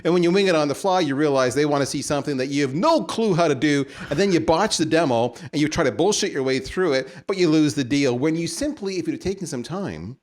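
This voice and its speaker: A man's voice: a little high, expressive, quick pace, few pauses. A man with a Canadian accent hosting a podcast, delivering a theatrical, teasing rant that builds to punchlines. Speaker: podcast host. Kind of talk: ranting podcast monologue.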